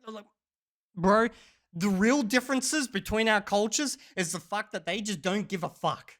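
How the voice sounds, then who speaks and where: A man telling a story in a casual vlog, animated and profane, often breaking into laughter. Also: high voice, measured pace. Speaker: channel host.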